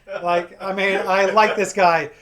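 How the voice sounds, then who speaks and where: A man's voice: high voice, level tone, unhurried, crowd noise. An American man doing a stand-up set, telling a profane, ranting story and acting out his angry phone calls. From United States. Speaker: stand-up comedian.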